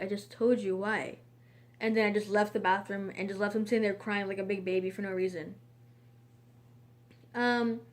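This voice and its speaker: A woman in a casual storytime monologue, rambling and chatty, with frequent fillers and restarts. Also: fairly high pitch. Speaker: vlogger.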